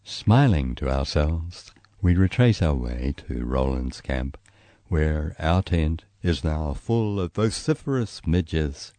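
Deep, lively New Zealand storyteller, man. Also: slow pace, no room sound. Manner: lively storytelling, voicing quoted people with raised pitch. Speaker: memoir reader. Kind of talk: dramatised memoir reading.

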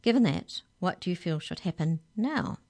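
A woman reading a storybook, voicing a stern, brisk female hex checker who asks clipped questions. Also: fairly low pitch, expressive, a little mellow.

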